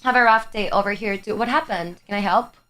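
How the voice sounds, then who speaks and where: Faint music plays behind a young livestreamer from Greece, whose first language is Greek, as she talks with her live chat. Her medium-pitched voice is a little fast, pushed and bright, and she is chatty, laughing often and swearing casually.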